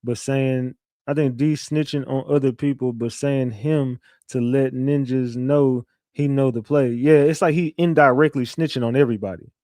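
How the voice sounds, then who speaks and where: A man hosts a casual livestream, speaking loosely and with plenty of profanity, repeating himself and reading viewer messages out loud. His medium-pitched voice has a dark, steady tone at a normal speed. The recording is dry and studio-clean.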